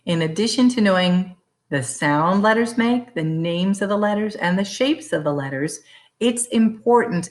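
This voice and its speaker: A woman teacher giving a phonics lesson for young children, slowly and carefully sounding out letters. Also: lowish voice.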